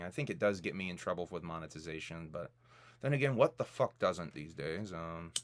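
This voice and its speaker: A man's voice: sits low, fairly quick. A man in his thirties co-hosting a casual live-stream podcast, joking around and greeting viewers in the chat by name. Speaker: podcast co-host.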